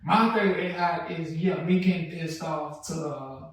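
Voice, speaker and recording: A man in casual podcast chat with a laid-back, relaxed way of talking. His voice is high for a man. The recording is very echoey, with the mic set back from him. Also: unhurried, a little hiss or hum. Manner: laid-back, relaxed speech with frequent "you know" fillers. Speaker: podcast co-host. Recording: echoey room, mic at a distance.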